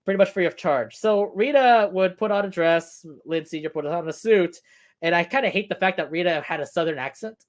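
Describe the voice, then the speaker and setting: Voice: medium pitch, brisk. Giggly casual stream co-host. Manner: chatty, laughs often between points. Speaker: co-host of a cartoon review stream. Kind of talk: casual review chat.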